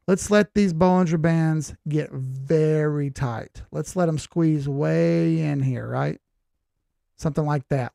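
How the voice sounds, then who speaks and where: A man's voice: on the high side, vocal fry, a little mellow, dry recording, studio quality. A man in his forties hosting a crypto chart analysis show in a folksy, rambling, jokey way. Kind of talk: casual chart analysis talk.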